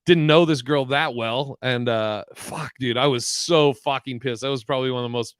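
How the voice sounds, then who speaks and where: A man's voice: medium pitch, normal speed, smooth, dry recording, clean studio sound. A man co-hosting a live podcast, reading chat comments and telling stories in a loose, profane way. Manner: profane, rambling storyteller. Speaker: podcast co-host.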